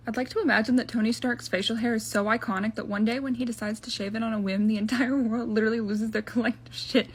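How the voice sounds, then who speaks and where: A woman's voice: on the high side, fairly even intonation, quick pace, few pauses. A woman reading fan comedy memes aloud, naming each character before the line and giggling often. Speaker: meme reader.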